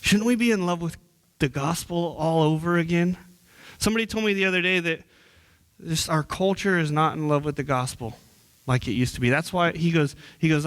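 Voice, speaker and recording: Young man, youth minister, church sermon, slightly high voice, earnest, conversational, repeats words, restarts sentences. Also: fairly bright tone, clean tone.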